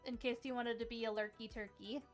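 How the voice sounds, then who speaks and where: A woman's voice: a little high, steady tone, fairly quick, faint music behind. A young woman hosting a casual livestream trivia game, chatty and upbeat, dropping "like" often as she talks to viewers.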